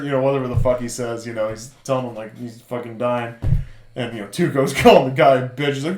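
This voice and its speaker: A man co-hosting a podcast, recapping a TV series in loose casual chat full of fillers and quick laughs. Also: medium pitch, a little mellow. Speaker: podcast co-host. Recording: roomy echo.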